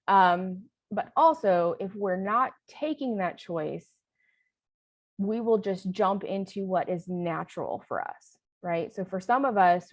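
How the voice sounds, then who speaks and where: A woman's voice: fairly low pitch, no echo. A woman leading a training session in a conversational lecture style, often checking in with "right?".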